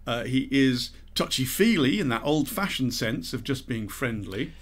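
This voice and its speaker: A man's voice: medium pitch, lively intonation, moderate pace. A man from Britain hosting a podcast in casual chat, telling stories with fillers and asides. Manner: chatty, storytelling, hedging with fillers. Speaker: podcast host.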